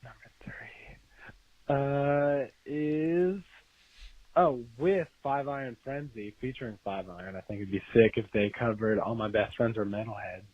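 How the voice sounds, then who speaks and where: A man's voice: lowish voice, brisk, hardly any pauses, breathy edge, no echo. A man leaving a rambling casual voicemail for a podcast, going through his points one by one. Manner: rambling, lists points of business. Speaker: voicemail caller. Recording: dull lo-fi voicemail.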